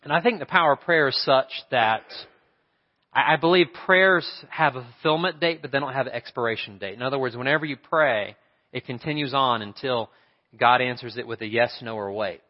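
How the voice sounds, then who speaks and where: A man's voice: mid-range voice, fairly quick, in a large hall, highs cut off. A male pastor preaching a sermon, telling a story in a conversational way and putting questions to the congregation. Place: church sanctuary.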